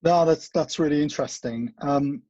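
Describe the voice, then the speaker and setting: A man, a therapist guest on a podcast, explaining patiently in a casual chat, often restarting and trailing off into quiet. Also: a little high, moderate pace, no echo. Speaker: CBT practitioner guest. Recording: dull, muffled podcast audio.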